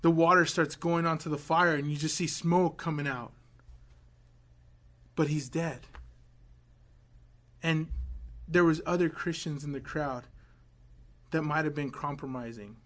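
A man preaching a sermon, telling a story dramatically, dropping to hushed quoted words and rising to loud build-ups. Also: on the high side, steady tone, a little slow, pauses often.

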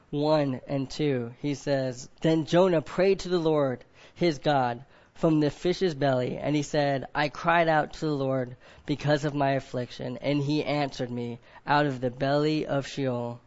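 A man's voice: fairly high pitch, fairly even intonation, unhurried, darkish tone, highs cut off. A man preaching a sermon to a group of men. He keeps asking them questions, often adds "right?", and acts out other people in quoted voices.

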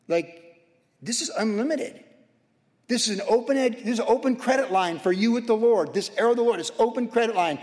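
Fervent high-voiced male preacher. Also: darkish tone. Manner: fervent, emphatic, piling up repeated phrases. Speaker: pastor. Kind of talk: sermon. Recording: long reverb of a big hall.

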